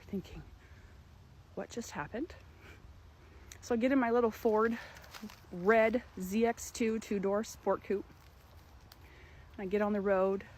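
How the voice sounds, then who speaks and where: A young woman earnestly telling a personal story, with emphatic, dramatic pauses. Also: medium pitch, darkish tone, a little hiss or hum, low-quality recording. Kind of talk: personal story told to camera.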